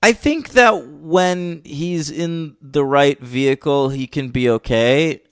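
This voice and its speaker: A blunt, sarcastic man co-hosting a film podcast in casual chat. His voice is smooth and clear at a middling pitch, picked up close and dry with no room sound. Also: slow, dry recording. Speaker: podcast co-host.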